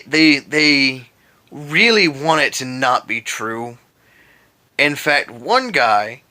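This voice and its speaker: In a fairly high, bright voice with a forceful tone, the weary young vlogger complains from his bed at home about an old boss. It's a casual rant peppered with sarcasm.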